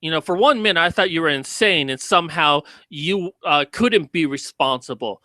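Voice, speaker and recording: Male commentary host, fairly high voice, heated sarcastic rant, lots of profanity. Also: expressive, normal speed, few pauses, pushed and bright, no echo. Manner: heated, sarcastic, heavy swearing. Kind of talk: ranting commentary.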